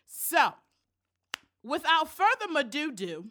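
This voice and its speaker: A woman hosting a casual podcast, bubbly and giggly, hyping up her guest with animated enthusiasm. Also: high-pitched, slow. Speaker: podcast host. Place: Chicago.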